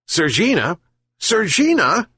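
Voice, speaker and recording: A kind old fisherman from a storybook calls out and pleads with his pets in a raised, somewhat husky voice, voiced by a man. His lines swing high with feeling. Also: wildly swooping pitch, measured pace, fairly bright tone, no room sound, exaggerated voice. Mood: calling. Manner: calling out, pleading.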